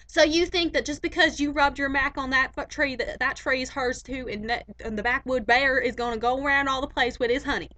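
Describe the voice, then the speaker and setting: A blustery older TV advice man with a folksy streak, as a girl mimics him. He talks loudly and with excitement, rambling through his point. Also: sits high, fairly quick, few pauses, pitched above the performer's own voice.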